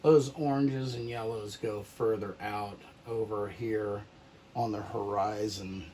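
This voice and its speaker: Slow easygoing man teaching painting. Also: lowish voice, steady tone, mellow, slight background noise. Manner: slow, easygoing, talks to himself while working. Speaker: painting instructor. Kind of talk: relaxed paint-along tutorial.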